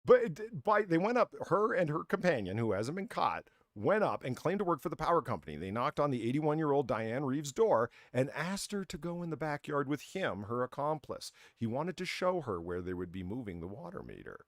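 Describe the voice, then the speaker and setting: A man's voice: on the high side, sing-song, a little fast, hardly any pauses, no room sound, clean studio sound. A man hosting an online comedy game show, rambling through stories and laughing at his own jokes while swearing freely. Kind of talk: casual comedic chat.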